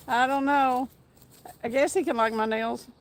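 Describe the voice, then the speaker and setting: A woman's voice: high-pitched, slight background noise. A woman hosting a fishing livestream outdoors by a stream, chatting casually, laughing often and reading out viewer names. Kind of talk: casual live-stream chat. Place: outdoors by a fast trout stream.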